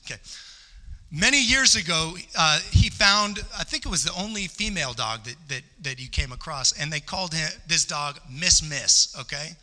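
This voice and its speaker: Bright, impassioned preacher man in reverberant church. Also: fairly high pitch, lively intonation, moderate pace. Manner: impassioned, rising to emphatic peaks and repeating phrases. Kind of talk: sermon. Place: church sanctuary. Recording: long church hall reverb.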